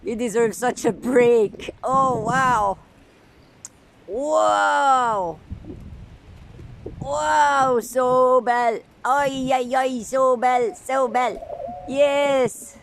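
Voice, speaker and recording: A woman's voice: sits high, steady tone, extremely slow, slight background noise. A woman filming and cooing to her pet birds, gushing with frequent exclamations. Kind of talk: casual talk to camera and to pets.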